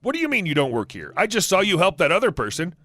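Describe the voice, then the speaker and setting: A man's voice: high-pitched, wildly swooping pitch, fast, pushed and bright, full character voice. A man reading the lines of an angry older woman who insistently demands candy apples from a stranger. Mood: demanding. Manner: insistent, accusing questions. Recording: faint music underneath.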